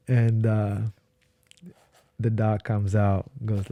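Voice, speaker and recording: A man's voice: fairly low pitch, level tone, takes it slowly, long pauses, warm tone, dry recording. A man from Ukraine, a podcast guest, telling his story in a blunt, casual way and swearing freely. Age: 20s.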